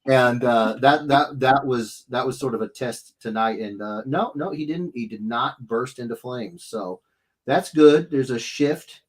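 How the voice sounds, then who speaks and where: A man hosting a casual live stream, telling stories in a rambling, animated way with many restarts. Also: mid-range voice, measured pace. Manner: rambling, self-interrupting, animated storytelling. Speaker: livestream host. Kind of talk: casual chat.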